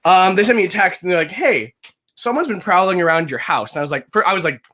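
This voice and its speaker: An animated young man chats on a casual podcast, his pitch sitting a little high and swooping all over as he tells a story. His voice has a bright, forceful edge, and he keeps restarting himself and slipping into the voices of the people in his tale. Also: fast. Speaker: game master and podcast host. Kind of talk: casual chat, telling a story.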